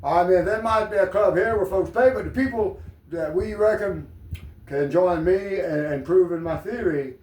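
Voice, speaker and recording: Southern man, high voice, rambling and cursing, heard from off-mic in an echoey room. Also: moderate pace, a little mellow, far from the mic. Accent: Southern American. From American South. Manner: rambling, profane, digressive. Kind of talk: rambling monologue.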